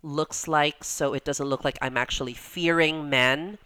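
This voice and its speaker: Low, smooth-voiced woman coach. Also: steady tone, measured pace, sharp tone. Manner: chatty, many "like" and "you know" fillers, acts out quoted voices. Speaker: podcast guest, women's coach. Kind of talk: casual conversational interview.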